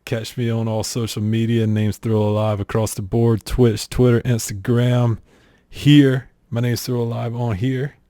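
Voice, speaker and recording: A man's voice: medium pitch, flat delivery, unhurried, warm tone, no echo, studio quality. A young man from South Carolina with a Southern accent, casually working through an accent challenge in an offhand, laid-back way. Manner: laid-back, offhand, says "y'all" and "ain't". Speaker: streamer doing an accent challenge. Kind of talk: casual vlog reading a list of questions.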